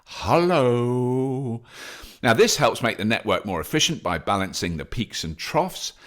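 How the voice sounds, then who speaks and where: A man's voice: on the low side, sing-song, a little fast, pushed and bright. A man hosting a solo news update podcast, chatty and enthusiastic with self-deprecating humour. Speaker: podcast host.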